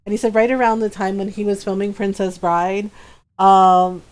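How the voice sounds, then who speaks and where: A woman streaming a game and chatting casually with viewers, bubbly and talkative and quick to laugh. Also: medium pitch, fairly even intonation. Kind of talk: casual gameplay chat.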